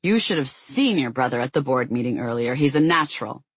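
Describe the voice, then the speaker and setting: A narrator doing a booming, genial older businessman. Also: animated, a little fast, breathy edge, no echo. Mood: hearty.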